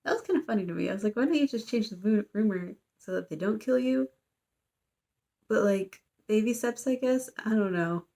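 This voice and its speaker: A young woman talks in a loose, rambling way, padding her sentences with fillers. She recaps things casually and breaks into playful little quotes as she goes. Her pitch sits in an ordinary middle range. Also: animated, a little fast, creaky, dark tone. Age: young adult. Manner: chatty, filler-heavy, playful quoting. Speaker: student vlogger.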